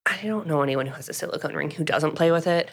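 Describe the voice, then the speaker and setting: A young woman co-hosting a podcast, casually recapping a book in a lively storytelling way and acting out the quotes. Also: sits low, quick pace. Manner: lively storyteller, acts out quotes, many fillers. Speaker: podcast co-host.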